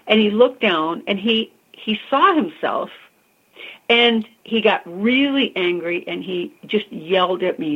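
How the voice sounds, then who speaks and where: Woman, psychic medium, gravelly, husky, expressive storytelling, phone-like sound. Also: medium pitch, takes it slowly. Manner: expressive, calls the listener honey and girl. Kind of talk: animated storytelling in an interview.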